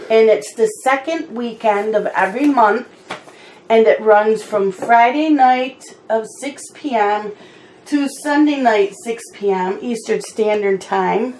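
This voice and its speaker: A middle-aged woman chatting casually while she colors, unhurried, with wry asides and a bout of hiccups. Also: a little high, darkish tone, slight background noise. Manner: chatty, slow and unhurried, mildly exasperated asides. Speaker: coloring channel host.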